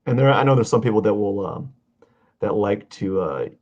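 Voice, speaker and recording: Low gravelly guy chatting on his art stream, halting, kinda dull lo-fi sound. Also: lively intonation, darkish tone. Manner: rambling and halting, searching for words. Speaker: artist streaming a drawing session. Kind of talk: casual livestream commentary.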